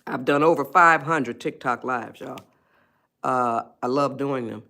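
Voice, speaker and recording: A woman's voice: a bass voice, measured pace, bright, forceful tone. A woman hosting a casual live stream, chatting with viewers and coaxing them to reply. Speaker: livestream host, life coach.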